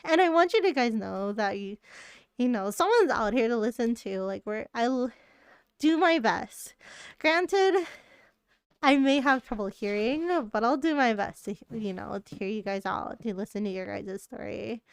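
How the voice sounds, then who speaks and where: Chatty woman streamer, smooth higher voice. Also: expressive, normal speed, no room sound, studio quality. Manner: rambling and chatty, laughs often. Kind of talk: casual live-stream chat.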